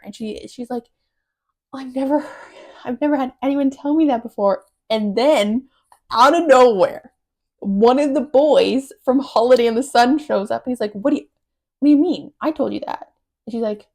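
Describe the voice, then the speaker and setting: A young woman in her twenties hosting a casual chat, telling movie plots in a chatty, animated way with laughs. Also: medium pitch. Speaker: podcast host.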